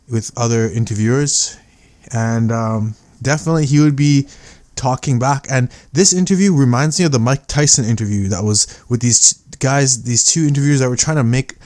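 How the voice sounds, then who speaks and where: A man's voice: medium pitch, moderate pace, a little mellow, dry recording. Rambling man with a dry close sound. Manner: rambling, filler-heavy, many restarts. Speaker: conspiracy video commentator. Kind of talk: casual rambling commentary.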